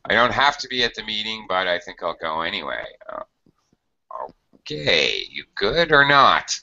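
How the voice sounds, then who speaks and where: Man, English teacher, slow patient explaining, bright tone, dull lo-fi audio. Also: fairly low pitch, sing-song, gravelly. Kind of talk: online grammar lesson.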